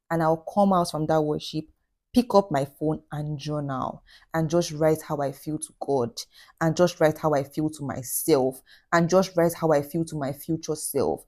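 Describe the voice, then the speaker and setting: A woman speaks tenderly to her viewers in a heartfelt advice vlog. Her voice sits low and mellow, and she comforts and encourages, repeating her phrases for emphasis. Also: fairly even intonation, moderate pace. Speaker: vlogger.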